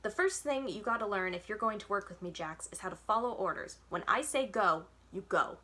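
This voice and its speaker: A brisk, bossy old witch barks out orders and tells tall tales of her adventures in a gruff, no-nonsense voice, as a woman reads her aloud from a children's book. She sounds tough but caring underneath. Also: mid-range voice, animated, pushed and bright. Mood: stern. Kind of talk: reading a children's novel aloud.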